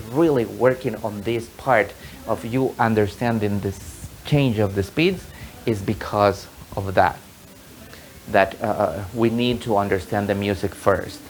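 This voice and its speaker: A man's voice: lowish voice, slight background noise, poor audio. A man teaching an online tango lesson, patiently explaining and counting the rhythm aloud in a sing-song way.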